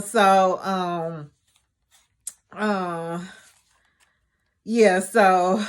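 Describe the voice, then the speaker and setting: A woman recapping a reality show episode in a casual, chatty way, with lots of fillers and playful asides. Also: mid-range voice.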